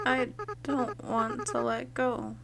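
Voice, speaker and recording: A woman streaming a game playthrough, talking softly and emotionally. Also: sits high, slight background noise. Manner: soft, emotional, hushed. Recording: loud game music behind.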